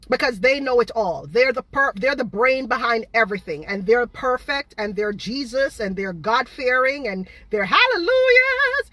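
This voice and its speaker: A woman speaks straight to her viewers on a live stream, exasperated, repeating her points over and over. Her voice sits a little high and sounds bright and forceful. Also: dry recording. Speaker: home baker and online seller.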